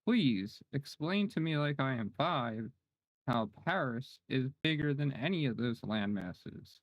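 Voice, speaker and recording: Streamer dude, normal middle pitch, teasing and bossy, kinda whiny, dry close mic. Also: male voice, lively intonation, unhurried, dry recording, highs cut off. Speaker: game streamer. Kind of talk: casual livestream chat.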